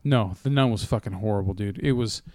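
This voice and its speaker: A man's voice: lowish voice, fairly quick, darkish tone, no room sound, clean studio sound. A man co-hosting a casual podcast, chatting in a laid-back way full of fillers and swearing. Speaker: podcast co-host. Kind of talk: casual chat.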